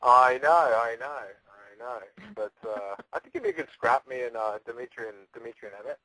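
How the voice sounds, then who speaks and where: A man's voice: mid-range voice, very animated, a little fast, creaky, sharp tone, low-quality recording. A man talking casually as an interview guest, rambling and joking, with frequent restarts and laughs. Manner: rambling, jokey, stammers and restarts. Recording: radio call-in.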